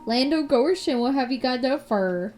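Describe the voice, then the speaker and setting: Frightened male hunter, shrill and flustered, put on by a female streamer; keep the squeaky panic. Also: slow, soft background music. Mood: scoffing.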